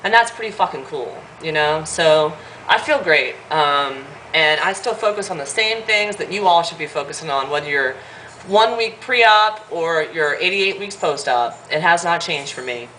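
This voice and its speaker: A woman's voice: deep voice, lively intonation, normal speed, bright, forceful tone, a little hiss or hum, rough recording. A woman in her thirties giving blunt, fired-up advice in a casual vlog, swearing freely as she talks to her viewers. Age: 30s. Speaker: vlogger.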